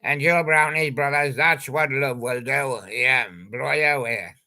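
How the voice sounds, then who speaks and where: A man's voice: medium pitch, fairly even intonation, a little slow, pushed and bright. An older man, rambling chattily about old pop songs and making jokey wordplay. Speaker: channel host.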